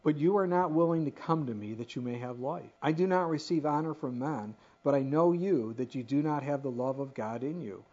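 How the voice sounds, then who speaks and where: A man preaching an expository sermon, reading scripture and breaking into emphatic, animated asides. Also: medium pitch, brisk, hardly any pauses. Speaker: pastor. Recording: dull lo-fi recording.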